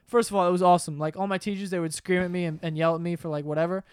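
A man's voice: high-pitched, fairly even intonation, very fast, darkish tone, clean tone, dry recording, clean studio sound. A young man hosting a podcast, casually telling stories among friends. He laughs as he talks, swears freely and acts out other people's lines. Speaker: podcast host.

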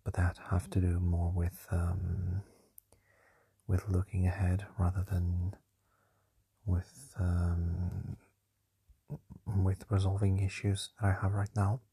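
Slow, breathy whispering young man. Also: sits low, completely flat delivery. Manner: soft whispering, hesitant with many fillers. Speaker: podcaster. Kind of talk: whispered late-night podcast diary. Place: lying down in a shared home at night.

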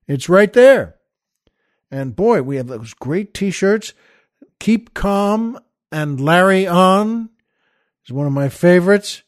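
This is an older man with a fairly high voice, hosting his own comedy podcast. He rambles, chuckles and restarts as he plugs merchandise and tells an old joke. The sound is dry and close, with no room around it. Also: a little mellow, no room sound. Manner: rambling, chuckling storyteller who tells jokes with little voices. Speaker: podcast host. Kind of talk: casual comedic monologue.

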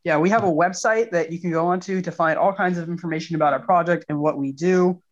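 A man's voice: a little high, quick pace, highs cut off. A young man, an engineering student guest, chatting in a playful, upbeat way on a podcast. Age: young adult. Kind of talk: casual interview chat.

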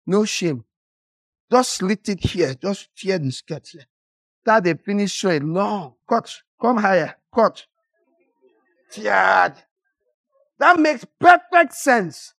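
A preacher giving a passionate, scolding sermon, rising now and then into sudden shouted bursts. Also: medium pitch, creaky, no echo.

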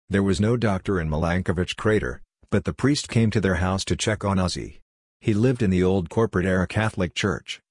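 A man with a very low, husky voice reads a story aloud in a steady, even way. The recording is dry and close, with no room sound behind him. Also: no room sound. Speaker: audiobook narrator. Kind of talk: scripted narration.

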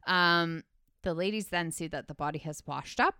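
A woman's voice: fairly low pitch, moderate pace, pushed and bright, clear, resonant tone, no room sound. Woman rambling through a movie recap, lots of "like", dry close sound. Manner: chatty, rambling, lots of filler words. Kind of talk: casual chat.

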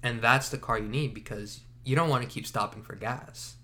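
A man's voice: medium pitch, moderate pace, bright, forceful tone. Rambling, jokey man chatting casually. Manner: rambling, jokey, self-correcting. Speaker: podcast co-host. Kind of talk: casual chat.

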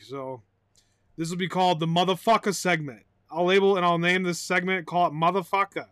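A man talking solo on his own podcast, rambling excitably and swearing, breaking into loud outbursts and laughter. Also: on the high side, a little fast, smooth, dry recording, studio quality. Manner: excitable, swears loudly, bursts into shouting and laughter. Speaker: podcast host.

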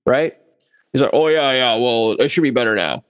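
A man tells a story in casual chat and slips into other voices for the quotes, his pitch jumping up and down as he goes. His voice is mid-pitched and dry, recorded close with little room sound. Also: moderate pace, smooth, no room sound. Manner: animated, acts out quotes of others. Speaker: bass player telling a story.

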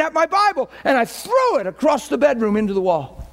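Man preaching, very high voice, impassioned, middle-aged, swings from soft to shouting. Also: very animated, brisk. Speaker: pastor. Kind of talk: sermon.

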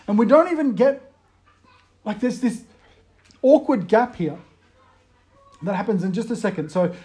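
A man giving a conversational sermon, moving between loud emphasis and quiet, hushed retellings. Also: high voice, lively intonation, a little slow, pauses often. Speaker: preacher.

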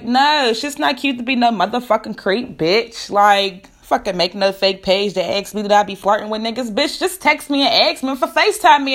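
A woman's voice: high-pitched, fairly bright tone. A woman, ranting bluntly to camera, profane and emphatic with repeated rhetorical questions.

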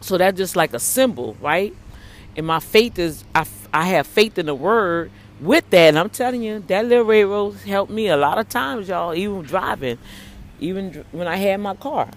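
A man who prays for the sick, telling viewers a story in a casual, animated way and often calling them y'all. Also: high voice, normal speed. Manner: animated, addresses listeners as y'all. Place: hospital waiting area.

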